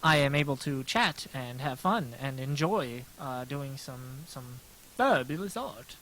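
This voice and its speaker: A man's voice: mid-range voice, measured pace, bright, forceful tone, slight background noise, rough recording. A man chatting casually on a livestream while he sketches, rambling and poking fun at himself, with many restarts. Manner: rambling, self-deprecating, lots of restarts. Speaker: streamer and artist.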